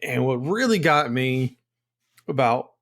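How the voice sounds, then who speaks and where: A man's voice: mid-range voice, expressive, slow, fairly bright tone. A man co-hosting a sports podcast in casual chat, ranting in frustration with many restarts. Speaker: podcast co-host.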